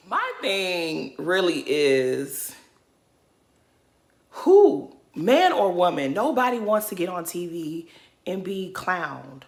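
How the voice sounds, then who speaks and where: A woman's voice: lowish voice, sing-song, slow pace. A woman giving casual reaction commentary, blunt and sassy, laughing as she rants. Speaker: reality TV commentator.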